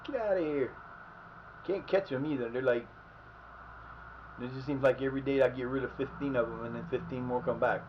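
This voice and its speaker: Hoarse man rambling over a game. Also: mid-range voice, fairly even intonation, a little fast, highs cut off, noisy background. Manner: rambling, cursing at the players. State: hoarse, losing his voice. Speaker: streamer. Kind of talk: live gameplay commentary. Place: his house.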